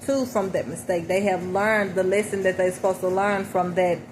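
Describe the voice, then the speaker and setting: A woman's voice: medium pitch, fairly even intonation, normal speed. A woman speaking in a casual, reflective way, interpreting song lyrics for her listeners and often checking in with "okay?". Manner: reflective, repeats "okay?" and "you know". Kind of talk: casual spoken reading. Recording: noticeable background noise.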